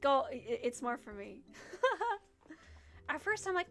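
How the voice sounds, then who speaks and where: High-voiced giggly Midwestern woman streamer. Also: lively intonation, brisk, long pauses, fairly bright tone, soft background music. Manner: rambling and giggly, answering chat. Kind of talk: casual livestream chat.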